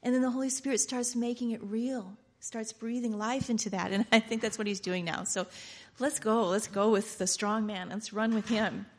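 A woman preaching a sermon in an animated way, laughing often and acting out quoted lines. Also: on the high side, normal speed.

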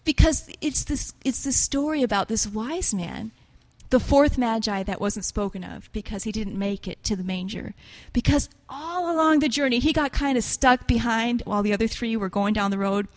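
Tearful woman preacher, fairly high voice. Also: expressive, normal speed. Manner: tearful, earnest, swings from hushed to loud. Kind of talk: emotional sermon storytelling.

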